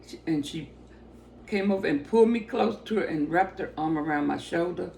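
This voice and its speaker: A woman giving a personal testimony as a story, talking with excitement and breaking into laughter often. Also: fairly low pitch, normal speed, gravelly, slight background noise.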